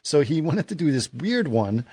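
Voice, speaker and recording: A man's voice: fairly high pitch, very animated, normal speed, dark tone, breathy edge, dry recording. A man co-hosting a casual movie podcast, recounting film trivia in a storytelling way. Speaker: podcast co-host.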